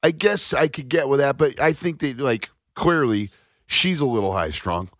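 A man hosting a radio show, talking in loose, profane, animated banter with his co-hosts. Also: mid-range voice, normal speed, no echo, studio quality. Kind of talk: casual studio banter.

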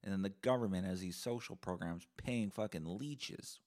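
A man's voice: low voice, moderate pace, few pauses, darkish tone. A man from Canada rants alone into a podcast mic, swearing freely. His talk is sarcastic and heated, and he tells a long mocking story. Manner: profane, sarcastic ranting. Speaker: podcast host. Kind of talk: solo podcast rant.

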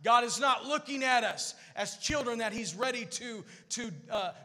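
A man preaching a sermon in a church sanctuary, moving from quiet storytelling to loud, sing-song exhortation. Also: very high-pitched, moderate pace. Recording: long church hall reverb.

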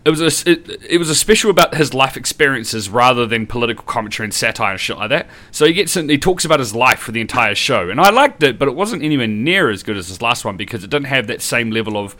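A man's voice: mid-range voice, animated, quick pace, few pauses, sharp tone. A young man with a New Zealand accent co-hosting a casual podcast, ranting with plenty of swearing. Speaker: podcast co-host.

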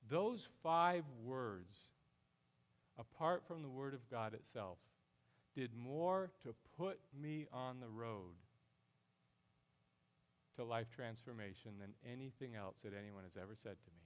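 A middle-aged man preaching a sermon with passion, his voice swelling loud and high as he drives his points home. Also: animated, a little slow, long pauses. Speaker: pastor.

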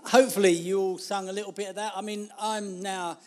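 A man's voice: high voice, level tone, a little fast. A man, preaching an informal sermon in a chatty, self-deprecating way and laughing through his asides. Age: 50s.

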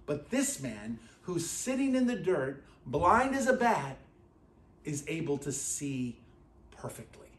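A male pastor preaching a sermon, emphatic and repeating his phrases, at times dropping to a quiet, intense tone. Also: fairly high pitch, sing-song, slow. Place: church sanctuary. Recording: echoey church room.

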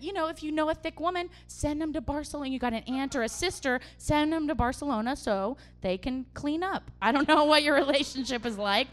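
A young woman performing a stand-up comedy set for a live audience in a small venue, with punchy delivery and loud outbursts. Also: high-pitched, brisk, few pauses.

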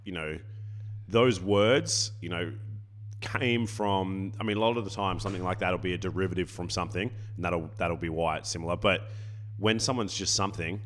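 A laid-back man with a low voice, co-hosting a casual podcast. He meanders through his thoughts with plenty of "like" and "you know". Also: normal speed, a bit bright, slight background noise. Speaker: podcast co-host.

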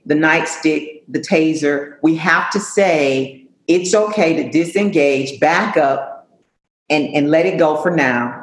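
Woman police chief on a panel, earnest and emphatic, roomy echo. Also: low voice. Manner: earnest, emphatic, repeats words while thinking. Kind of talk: panel discussion answer.

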